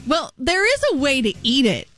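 A woman's voice: high-pitched, very animated, moderate pace, a bit bright, soft background music. A woman co-hosting a radio show in casual on-air banter, teasing her partner and growing exasperated as she explains. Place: radio studio. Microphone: studio microphone.

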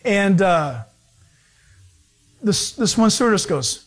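A middle-aged man preaching a sermon, telling a story in an animated way and acting out the voices of people he overheard. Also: sits high, measured pace, breathy edge. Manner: animated, acts out overheard voices, laughs often. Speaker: pastor.

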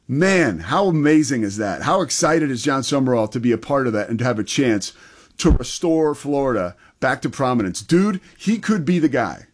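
A man's voice: medium pitch, big pitch swings, normal speed, breathy edge. A man hosting a college football talk show, recounting his interviews with enthusiasm. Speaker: sports show host.

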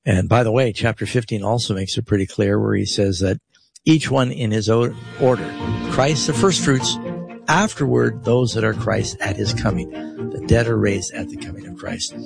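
A man's voice: fairly low pitch, moderate pace, gravelly, music in the background. A man hosting a radio call-in show, explaining Bible verses with strong rhetorical emphasis. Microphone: studio radio mic.

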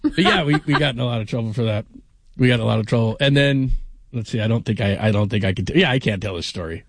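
A man's voice: mid-range voice, quick pace, no echo, clean studio sound. Joking, rambling male radio host. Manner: joking, rambling storyteller with frequent restarts. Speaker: sports radio fill-in host. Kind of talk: casual sports radio chat.

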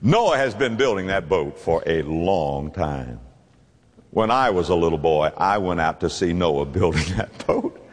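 A male preacher playing a gentle father who chuckles softly and speaks in a hushed, low voice to his son. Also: expressive, unhurried, in a large hall. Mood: confiding.

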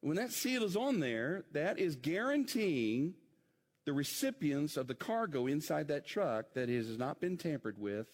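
Animated middle-aged male preacher, reverberant hall. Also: on the high side, unhurried. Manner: animated, swings between loud emphasis and quiet intensity. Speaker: pastor. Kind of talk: sermon.

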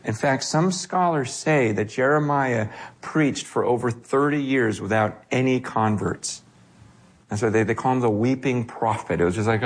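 Middle-aged male pastor delivering a sermon; animated, swings between quiet and fast, raised lines. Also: mid-range voice.

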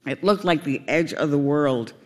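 A man voicing the oldest duck in the flock, a wise male bird who reminisces in a measured way. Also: on the high side, big-room sound, pitched below the performer's own voice, natural voice. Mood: reminiscing.

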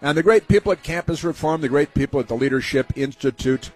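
A man's voice: fairly high pitch, quick pace, soft background music. A man hosting a talk show, giving sarcastic, rambling commentary with many fillers.

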